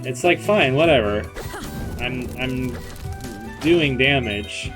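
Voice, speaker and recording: A man giving casual, rambling commentary as he plays a video game, with a middle-pitched voice. He keeps undercutting himself with self-mocking jokes. Loud game music plays behind him throughout. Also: expressive, takes it slowly. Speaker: let's play host.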